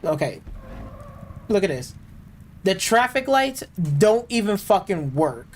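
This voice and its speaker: A man's voice: sits high, big pitch swings, slow, poor audio. A man streaming live gameplay commentary, ranting and swearing constantly, with loose, filler-heavy speech full of restarts. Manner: profane, ranting, complaining. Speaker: gaming streamer.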